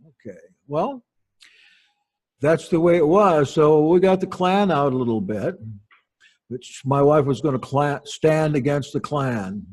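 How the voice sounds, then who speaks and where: A male preacher recounts old stories in a dry, wry, anecdotal way. He takes his time, and his voice sits somewhat high for a man. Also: unhurried, pauses often, a little mellow. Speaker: pastor. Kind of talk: storytelling sermon.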